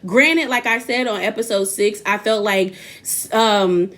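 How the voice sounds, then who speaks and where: A young woman recapping a reality show in casual chat, sassy and animated, acting out what people said. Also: medium pitch, unhurried. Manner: sassy, animated, acts out quotes.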